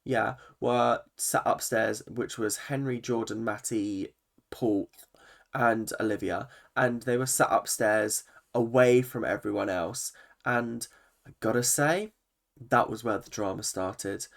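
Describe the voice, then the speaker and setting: A man's voice: mid-range voice, slow, creaky. Ranting man recapping reality TV. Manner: animated, opinionated, swears freely. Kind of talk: ranting reaction commentary.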